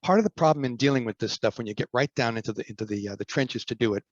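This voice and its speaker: A plain-spoken man presents an informal lecture on energy over a video call, stressing his key points and often stopping with "uh". His voice sits at an ordinary middle pitch. The sound is dry and close, but dull and lo-fi like call audio. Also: rapid-fire, no room sound. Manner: plain-spoken, emphatic, hesitant with many uhs.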